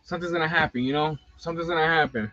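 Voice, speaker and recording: A man's voice: a little high, very fast, pushed and bright, no room sound. A middle-aged man hosting a wrestling channel, ranting casually and profanely with lots of slang asides. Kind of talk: casual live-stream rant. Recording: dull lo-fi sound.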